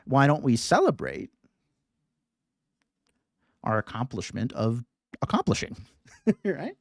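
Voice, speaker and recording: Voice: slow, gravelly, no echo, studio quality. A meditation teacher talking casually to a live class, often asking "right?" in a playful way. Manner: conversational, keeps asking "right?"; lively rising and falling pitch, playful.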